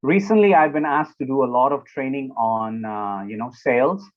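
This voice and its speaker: A man, a public speaking coach, talking casually in an interview and acting out moments with sudden loud exclamations. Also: medium pitch, normal speed, dull audio.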